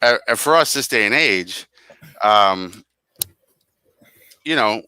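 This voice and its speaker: A middle-aged man co-hosting a music podcast in casual chat. His voice sits low and sounds bright and forceful, recorded close and dry. He talks earnestly and wanders off on tangents. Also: expressive, slow pace, clear, resonant tone, no room sound. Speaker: podcast co-host.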